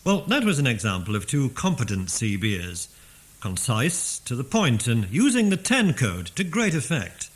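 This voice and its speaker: A man with an English accent giving slow, deliberate, scripted instructional narration. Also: mid-range voice, wildly swooping pitch.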